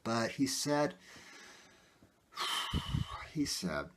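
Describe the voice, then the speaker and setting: A man talking casually to his viewers about his own life, rambling with many fillers and getting animated. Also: mid-range voice, extremely slow, background noise. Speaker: video host. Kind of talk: casual personal talk to camera.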